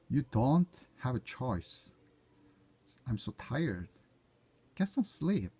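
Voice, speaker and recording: A man's voice: medium pitch, sing-song, slow pace, pauses often, warm tone, a little hiss or hum. A man whose first language is Korean, reading short everyday English dialogue lines aloud one by one to proofread them, sometimes correcting himself. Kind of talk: reading practice phrases aloud.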